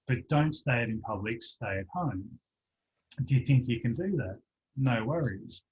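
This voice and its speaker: A man, a practitioner telling a lively anecdote as a guest in an online interview, acting out the voices of the people in it. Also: medium pitch, brisk. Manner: animated storyteller, acts out voices in anecdotes. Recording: dull lo-fi online call audio.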